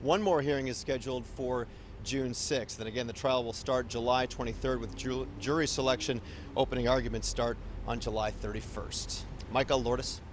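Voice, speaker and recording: A man reporting a court story for television in a measured, formal news delivery. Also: medium pitch, fairly even intonation, background noise.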